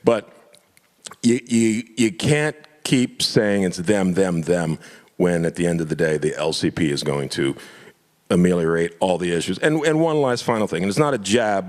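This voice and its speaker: A man's voice: on the low side, in a large hall. A man from Florida, an elected official, making impassioned public remarks at a club meeting, emphatic and prone to repeating himself.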